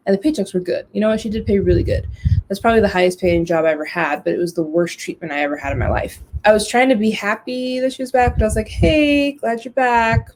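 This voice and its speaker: A woman hosting her own podcast, animated and candid, telling personal stories and swearing freely. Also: medium pitch, quick pace, slight background noise. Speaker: podcast host. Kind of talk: casual podcast monologue.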